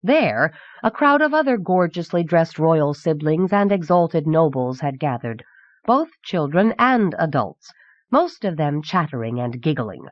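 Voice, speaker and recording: A woman reading a fantasy novel aloud as an audiobook narrator, in a measured, even manner, on a dull, dry old cassette recording. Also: low-pitched, no echo. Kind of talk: scripted narration.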